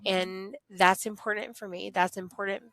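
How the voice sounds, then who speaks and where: Woman teacher, heartfelt and animated, close dry mic. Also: medium pitch, normal speed, no echo. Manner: earnest, animated storytelling, acts out voices of kids. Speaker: teacher, podcast guest. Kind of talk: casual interview chat.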